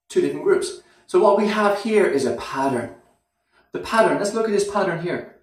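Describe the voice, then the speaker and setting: A man teaching English pronunciation, who repeats words and phrases slowly to demonstrate how they sound. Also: sits high, lively intonation. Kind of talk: slow, deliberate teaching. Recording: very echoey room, somewhat far from the mic.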